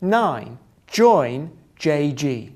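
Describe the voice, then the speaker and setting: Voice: medium pitch, very animated, a little mellow. A presenter, reading out step-by-step geometry drawing instructions and adding dry, joking asides. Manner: deliberate, dry asides, breaks into laughter at times.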